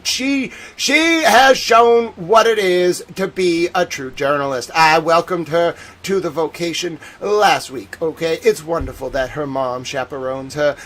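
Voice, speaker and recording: A man hosting a livestream commentary, talking in an excitable, rambling way and often repeating himself. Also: high-pitched. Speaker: host.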